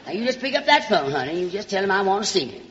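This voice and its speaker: A woman's voice: medium pitch, sing-song, very fast, fairly bright tone. A woman with a Southern American accent performing a theatrical, drawling comic monologue, coyly calling everyone darling. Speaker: comedy host. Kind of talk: comic monologue on a radio show. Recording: dull old radio broadcast in a reverberant hall.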